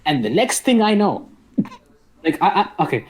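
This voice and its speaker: Young dude on a podcast, slangy, tells stories with energy. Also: male voice, high voice, measured pace, husky. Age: young adult. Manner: slangy, animated storyteller. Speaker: podcast co-host. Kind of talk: casual chat.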